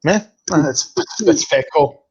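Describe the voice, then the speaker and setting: A man with an Australian accent and a fairly high, breathy-edged voice hosts a casual chat at an unhurried pace. He's laid-back and talkative, often says "mate" and keeps restarting his sentences, all on muffled lo-fi audio.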